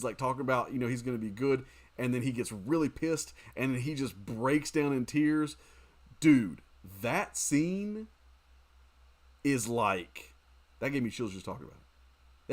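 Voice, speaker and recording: A man streaming a mobile game, chatting casually with his viewers and using lots of fillers like "dude" and "um". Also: medium pitch. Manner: chatty and animated, talking to chat with fillers like "dude" and "um". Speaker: gaming streamer. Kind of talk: casual livestream chat while gaming.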